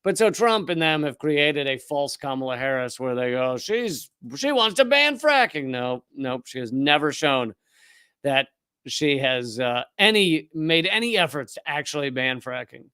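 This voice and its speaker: A man from Richmond, Virginia with a Southern US accent, hosting a live political commentary stream and talking back to the chat in a sardonic, rapid way with frequent restarts. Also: mid-range voice, pushed and bright, clear, resonant tone, no room sound, studio quality.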